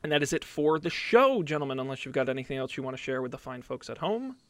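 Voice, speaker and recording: Chatty upbeat podcast host, dry close sound. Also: male voice, medium pitch, very animated, fast talker, fairly bright tone, dry recording. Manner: upbeat, chatty, many fillers and restarts. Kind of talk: casual podcast chat.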